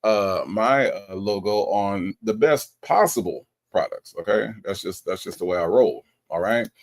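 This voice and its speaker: A man's voice: lowish voice, expressive, a little slow. Chatty man hosting a livestream. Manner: chatty, joking, often stumbles and repeats himself. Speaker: livestream host reading chat. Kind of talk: casual livestream chat.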